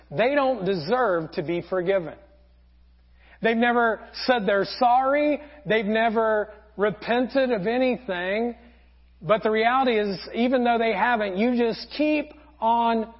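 High-voiced pastor preaching slowly. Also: male voice. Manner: storytelling, earnest, with pauses. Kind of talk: sermon. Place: church sanctuary. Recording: dull lo-fi sound.

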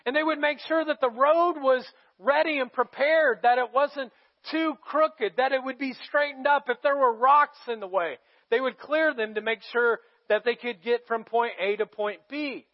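A man's voice: extremely high pitch, normal speed, highs cut off. A man pastor giving a sermon, telling the story casually with bursts of emphasis.

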